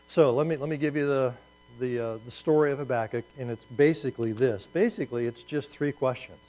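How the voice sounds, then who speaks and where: A man preaching a conversational sermon with slides, animated and restarting phrases as he goes. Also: mid-range voice, fairly quick, rough recording. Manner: animated, repeats words as he restarts. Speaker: pastor.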